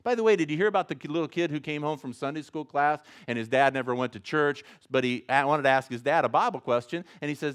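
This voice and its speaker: A male pastor preaching a sermon, with big swings between loud and soft and jokes along the way. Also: on the high side, animated, a little fast, clear, resonant tone.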